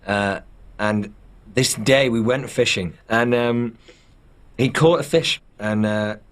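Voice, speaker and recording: A film actor telling lively anecdotes in an interview and slipping into impressions. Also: male voice, mid-range voice, takes it slowly. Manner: animated storyteller doing impressions.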